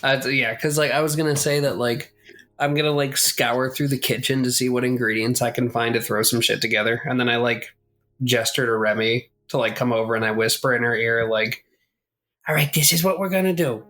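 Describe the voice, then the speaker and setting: A man's voice: medium pitch, level tone, a little fast, pushed and bright, soft background music. A man playing a tabletop game, describing his character's actions in a rambling, casual way with lots of fillers. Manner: rambling, hedges a lot with fillers. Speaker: player.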